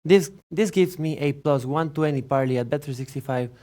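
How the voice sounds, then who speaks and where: A man voicing a hot-tempered male tennis bettor who yells insults and throws in Spanish curses. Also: a little high, moderate pace, voice pushed down, natural voice. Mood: gruff. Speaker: guest handicapper character.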